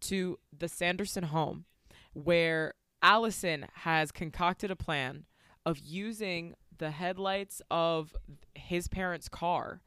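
A woman podcast co-host recapping a movie in a casual, profane, animated storytelling style. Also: on the low side, takes it slowly, smooth, no echo, studio quality.

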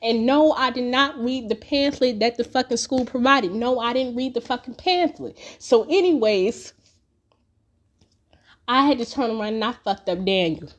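A young woman, telling a personal story on her podcast in a profane, animated way. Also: on the high side, moderate pace, muffled recording. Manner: profane, animated, acts out quotes loudly. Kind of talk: casual storytelling.

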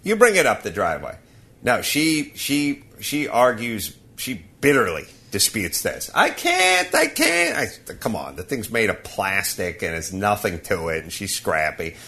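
Animated, bright-voiced man telling stories. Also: on the low side, unhurried. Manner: animated, ranting, laughing. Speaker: podcast host. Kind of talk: casual comic storytelling.

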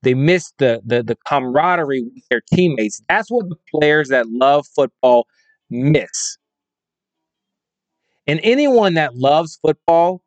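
A man talks football in a fired-up, opinionated way, hammering his points over and over. His voice sits a little high for a man. It is recorded dry and close, with no room sound. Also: no room sound. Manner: emphatic, repetitive, fired-up. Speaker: fantasy football podcaster. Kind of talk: opinionated solo commentary.

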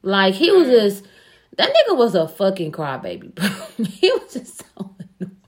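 A woman's voice: mid-range voice, huge pitch swings, moderate pace. A young woman telling personal stories in casual chat, blunt and profane, often laughing. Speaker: podcast guest.

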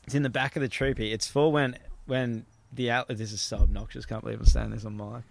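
Australian man, young, casual podcast chat, lively storyteller, close dry sound. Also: medium pitch, fairly quick, creaky, dry recording. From Australia, Gold Coast. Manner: animated, swears casually, acts out quoted voices.

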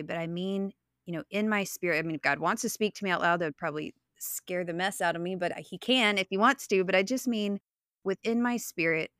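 A woman in her thirties talks on a faith podcast, sharing personal stories in an earnest, reflective way. Her voice sits low for a woman. The sound is dry and close, with no room echo. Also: fairly bright tone. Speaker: podcast co-host.

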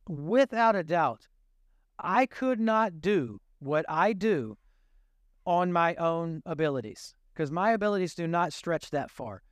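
A man delivers a lively sermon in a high, clear voice. He keeps drifting into self-deprecating asides. The sound is close and dry. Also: no room sound. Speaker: pastor.

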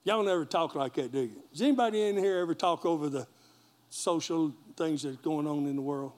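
A man's voice: a little high, a little fast. A man pastor, preaching a sermon in a folksy call-and-response manner and joking with the congregation.

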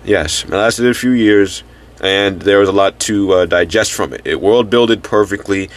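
Low-voiced man chatting on a podcast. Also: moderate pace. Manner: rambling, earnest, many restarts and fillers. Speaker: podcast co-host. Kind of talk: casual chat.

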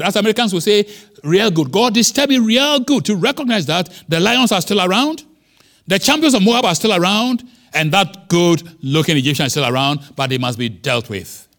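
A man preaching a sermon as pastor, emphatic, with wide swings in pitch and loudness.

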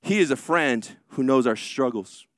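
A man preaching a sermon as pastor, drawing out key lines slowly and rushing through asides. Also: medium pitch, expressive, fairly bright tone, no echo, clean studio sound. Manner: preaching with slow, drawn-out emphatic lines and quick asides.

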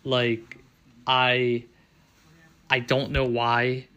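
A young man hosting a casual solo talk show, rambling and halting with many restarts, choked up and near tears. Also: medium pitch, monotone, bright, forceful tone, clean tone, dull audio. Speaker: show host.

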